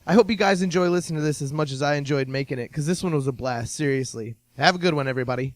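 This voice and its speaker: A man with a slightly raised voice hosts a laid-back podcast, chatting with friends. His talk is loose and casual, with quick bursts of words. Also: on the high side. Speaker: podcast host. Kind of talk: casual chat.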